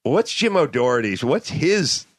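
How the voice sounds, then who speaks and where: A man hosting a podcast, telling a casual story and acting out the people he quotes with lively voices. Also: medium pitch, measured pace, no room sound. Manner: animated, acts out quotes in other voices. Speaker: podcast host. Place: ship cabin.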